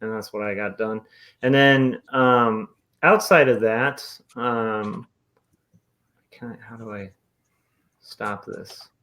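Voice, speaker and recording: A man's voice: on the low side, fairly even intonation, takes it slowly, long pauses, fairly bright tone. A man co-hosting an artists' podcast, upbeat and thinking aloud with fillers as he shows his work. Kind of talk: casual chat.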